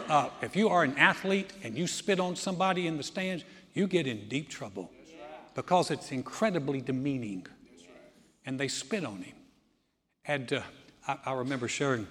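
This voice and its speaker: Male pastor preaching in a reverberant hall. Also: slightly rough. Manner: storytelling, swings between loud emphasis and hushed low lines. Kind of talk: sermon.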